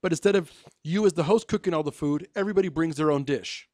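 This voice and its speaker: A man co-hosting a talk radio show, wisecracking in animated banter. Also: on the high side, fast, no echo, studio quality.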